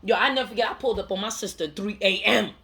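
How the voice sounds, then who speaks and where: Her voice mid-range, pushed and bright, this woman races through a heartfelt motivational monologue to camera. She's a mental health counselor, emphatic and slangy, who keeps repeating phrases to hammer her point home.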